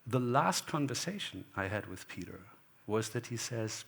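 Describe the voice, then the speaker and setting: A man with a fairly low, gravelly voice that is a bit bright and breathy speaks animatedly at a moderate pace. He's a guest photographer on stage in a gallery hall before an audience, rambling through anecdotes and acting out remembered conversations.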